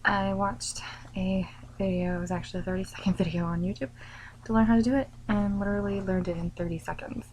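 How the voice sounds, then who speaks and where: A woman's voice: medium pitch, fairly even intonation, fast, a little mellow, slight background noise, poor audio. A woman chatting casually in a home vlog about her cross-stitch progress, rambling and laughing often. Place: home room.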